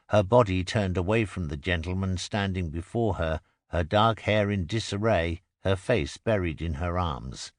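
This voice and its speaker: Lively low-voiced male narrator. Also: dry recording, clean studio sound. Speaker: audiobook narrator. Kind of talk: scripted narration. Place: recording booth. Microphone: close studio mic.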